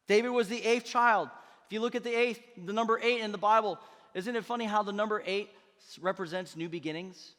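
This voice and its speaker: A man preaching a sermon as pastor, energetic and conversational, with playful asides to his congregation. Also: sits high, big-room sound. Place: church auditorium.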